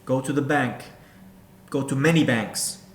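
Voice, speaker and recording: A man's voice: medium pitch, measured pace, slight background noise. Direct-talking man in an echoey room. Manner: direct, repetitive, addresses viewer as you. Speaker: real estate investor and coach. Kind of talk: instructional talk to camera. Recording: echoey room with faint background ambience.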